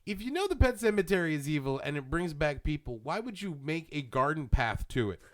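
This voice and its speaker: A man co-hosting a casual horror movie podcast, animated and jokey, swearing freely. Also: fairly high pitch, a little fast. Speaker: podcast co-host. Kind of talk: casual chat.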